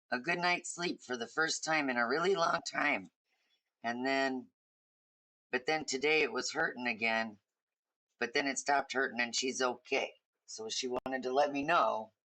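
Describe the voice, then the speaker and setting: A woman's voice: rumbling low, pushed and bright. A woman hosting a casual livestream from home, chatting in a rambling, friendly way to viewers while she colors. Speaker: livestream host.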